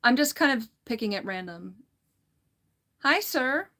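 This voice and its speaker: A woman's voice: on the high side, lively intonation, a little slow, pushed and bright. A woman hosting a casual livestream, reading viewer comments aloud in a chatty, giggly way and often restarting her sentences. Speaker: livestream host.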